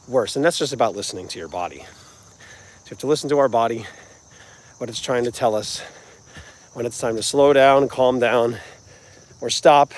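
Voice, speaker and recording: A man's voice: mid-range voice, a little mellow, a little hiss or hum. Earnest New Jersey man talking outdoors. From New Jersey, United States. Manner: rambling, earnest, conversational. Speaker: music channel host. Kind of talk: live-streamed motivational talk.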